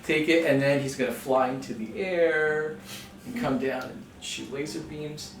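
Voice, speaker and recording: A man running a tabletop game as dungeon master, relaxed as he describes the scene and rules on the dice. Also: fairly high pitch, unhurried, recorded from a distance, a little hiss or hum. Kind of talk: casual tabletop game narration. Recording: roomy room sound with background music.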